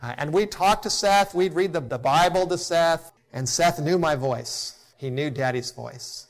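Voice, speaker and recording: A middle-aged man delivers a sermon in a slightly high voice. He builds to emphatic, impassioned peaks and then falls soft and quiet. When he tells stories, he acts out the quotes. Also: measured pace. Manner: storytelling with acted quotes. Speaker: preacher.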